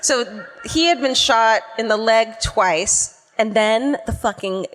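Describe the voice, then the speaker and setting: A woman hosting a live comedy podcast, telling a true crime story in a profane, animated way on a concert hall stage. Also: fairly high pitch, takes it slowly, noisy background. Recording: long concert hall reverb.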